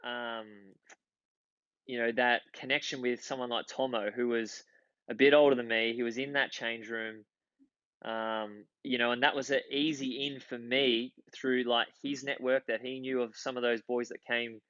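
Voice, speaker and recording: A man's voice: mid-range voice, steady tone, moderate pace, fairly bright tone, no echo, dull audio. A man in his thirties with an Australian accent, a podcast guest chatting casually and telling rambling anecdotes full of restarts. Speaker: podcast guest, former footballer. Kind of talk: casual chat, storytelling.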